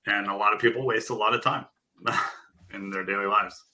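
A man being interviewed on a podcast, telling his story in a relaxed way with dry, sarcastic humor and frequent chuckles. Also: on the low side, normal speed, rough recording. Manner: wry, dryly sarcastic humor. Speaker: podcast guest, productivity author. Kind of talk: casual interview chat.

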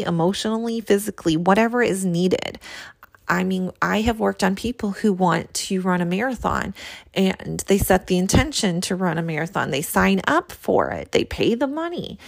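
Woman doing a motivational podcast, kinda gravelly voice, dry close sound, direct coachy tone. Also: mid-range voice, dry recording. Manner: earnest, direct, coaching tone with repeated emphasis. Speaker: podcast host and spiritual coach. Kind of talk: motivational solo podcast talk.

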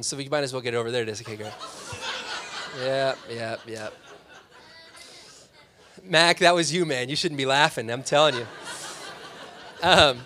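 Young guy pastor talking casual in church, kinda high voice, jokey, keeps asking "right?". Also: pushed and bright, a little hiss or hum. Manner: chatty, self-deprecating, frequent "right?" asides. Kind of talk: casual conversational sermon. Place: church sanctuary.

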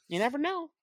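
A woman co-hosting a podcast in casual chat, talking haltingly with lots of fillers and jokes. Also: high voice, dry recording, studio quality. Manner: halting, filler-heavy, joking. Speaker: podcast co-host.

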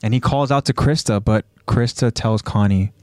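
A man narrating an anime recap casually, in an animated way that keeps jumping ahead. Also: fairly low pitch, no room sound, studio quality. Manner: animated, quick to jump ahead, loose fillers.

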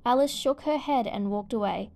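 A woman reading a children's storybook aloud as narrator, gentle and clear. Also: a little high, normal speed.

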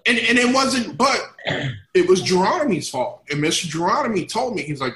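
Podcast co-host, a man with a bright voice telling lively stories in a roomy space. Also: high-pitched, brisk. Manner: animated storyteller, acts out quotes. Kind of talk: casual chat. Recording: roomy echo.

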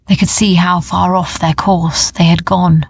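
A woman narrating a children's story in a gentle, unhurried way, sometimes dropping to a near whisper. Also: lowish voice, flat delivery, gravelly, slightly rough, no echo.

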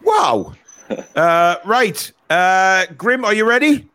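A man's voice: high voice, very animated, slow pace, pushed and bright, smooth. A man hosting a casual quiz on a live stream, swearing and teasing the callers as he reads the questions. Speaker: quiz host.

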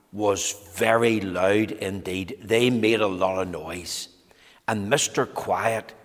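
A man reading a storybook aloud to children in an animated, dramatic manner, talking to them directly. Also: lowish voice. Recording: echoey hall reverb.

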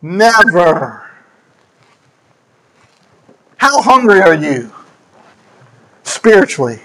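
A man preaching a sermon, quoting scripture and correcting himself as he goes, with emphatic swoops between loud high lines and quiet low ones. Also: lively intonation, measured pace, slight background noise, poor audio. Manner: scripture quotes and self-corrections.

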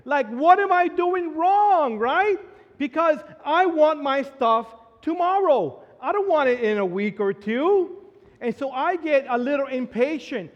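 High-voiced preacher in an echoing hall. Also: male voice, animated, unhurried, muffled recording. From Latino background. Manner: storytelling preacher, builds to emphatic peaks. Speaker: pastor. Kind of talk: sermon. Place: church sanctuary.

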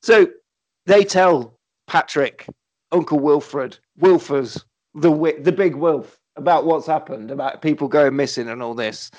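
Man with a high, animated voice. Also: a little slow. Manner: animated, acts out characters in quotes, laughs often, swears. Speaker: podcast co-host. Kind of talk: casual film recap chat.

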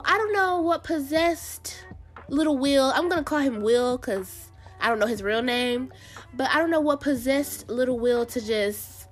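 A woman hosting a show, giving casual pop-culture commentary in a blunt, sassy way and talking straight to her viewers. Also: fairly high pitch. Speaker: show host.

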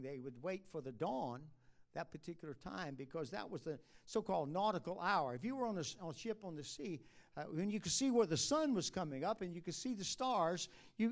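Preacher, male, high-pitched, easygoing sermon delivery with frequent uh fillers and emphatic swells. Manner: conversational preaching, rises to emphatic, drops low and soft at asides; halting restarts and drawn-out uh fillers. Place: church conference.

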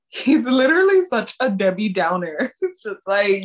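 A young woman chatting casually as a co-host, excitable and slangy, saying "like" a lot. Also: mid-range voice, measured pace. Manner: excitable, slangy, heavy use of "like". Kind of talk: casual chat recapping a TV drama.

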